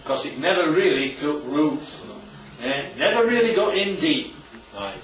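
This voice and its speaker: A preacher's slightly high, somewhat bright voice moves unhurriedly in a sing-song lilt as he takes a small church group through the Bible, quizzing them constantly and joking along the way. It's captured in a dull, lo-fi, distant room recording.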